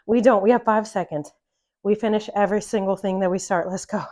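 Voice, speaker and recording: A woman's voice: mid-range voice, steady tone, fairly quick, dark tone. Breathless woman coaching a workout. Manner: encouraging, talks through exercises between breaths. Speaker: fitness coach. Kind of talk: follow-along workout instruction.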